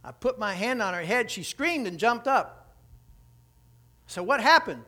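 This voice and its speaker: A preacher man with a high, bright voice tells stories from the pulpit. He acts out the quotes as he goes, with plenty of animation. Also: measured pace. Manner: animated storytelling, acting out quotes. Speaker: pastor. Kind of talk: sermon.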